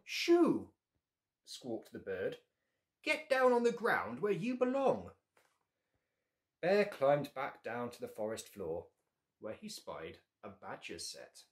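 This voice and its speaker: A man reading his picture book aloud to children, with playful asides to young listeners. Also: medium pitch.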